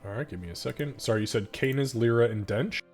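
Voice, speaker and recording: A man's voice: medium pitch, quick pace, darkish tone. A man running a tabletop game as game master on a stream. He talks casually, with fillers and the odd curse. Faint music runs underneath. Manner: casual, swears, many fillers.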